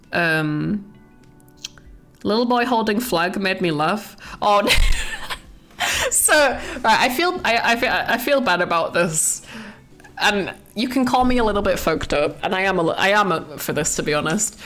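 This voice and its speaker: A woman's voice: medium pitch, a bit bright. A young woman streaming casual chat about a film she just saw, rambling, swearing freely and breaking into giggles.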